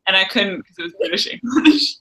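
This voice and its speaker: A woman's voice: medium pitch, big pitch swings, fairly quick, a bit bright, slight background noise, low-quality recording. A woman with a Texan accent, chatting bluntly and teasingly on a group livestream. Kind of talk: casual group chat.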